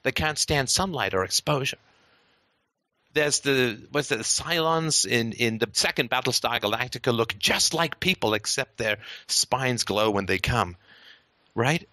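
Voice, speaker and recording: A man's voice: mid-range voice, lively intonation, measured pace, pushed and bright, no room sound. A male host of a philosophy show, delivering an impassioned monologue with a profane, sarcastic ranting manner.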